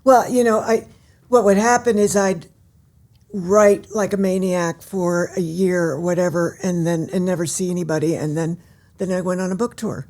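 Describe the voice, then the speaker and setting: An older woman, an author, chatting as a guest in an interview and telling her stories in an animated, theatrical way. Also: on the low side, moderate pace. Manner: animated storyteller who acts out scenes. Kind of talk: casual interview chat.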